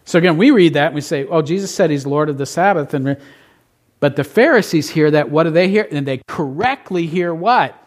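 A man's voice: on the high side, expressive, brisk. A man preaching a sermon to a congregation, often posing rhetorical questions and adding playful asides. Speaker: pastor.

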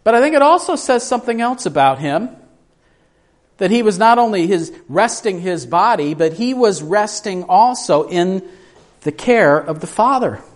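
Lively in intonation and high in pitch, a male pastor delivers his sermon at a normal pace. He asks his listeners questions and voices the characters, alternating quiet passages with raised ones.

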